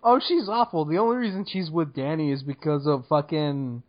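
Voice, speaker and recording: Young man, exasperated and profane, highish voice, dull lo-fi recording. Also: moderate pace. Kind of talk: casual chat. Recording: dull lo-fi sound.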